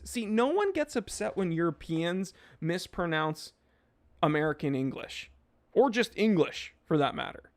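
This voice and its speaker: A man's voice: high-pitched, lively intonation, unhurried. A man hosting a podcast, reading chat and rambling casually in laid-back slang.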